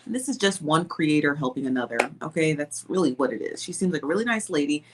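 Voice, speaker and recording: Woman, casual livestream chat, chatty, slightly low-pitched, warm greetings. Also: expressive, quick pace. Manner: chatty, greets viewers one by one, laughs easily. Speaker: livestream host.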